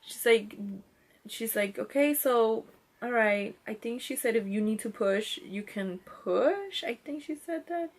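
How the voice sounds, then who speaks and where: A woman's voice: a little high, lively intonation, measured pace. A woman in her twenties telling a personal story in a chatty, rambling way, stopping to apologize to her viewers. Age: 20s. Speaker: mom vlogger. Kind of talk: casual storytelling to camera.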